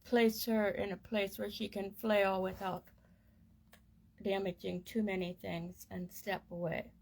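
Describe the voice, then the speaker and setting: A woman reads a parenting course text aloud, unhurried and deliberate. Her tone is gentle and soothing, with a voice of middling pitch. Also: little pitch movement, vocal fry. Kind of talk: reading aloud from a book.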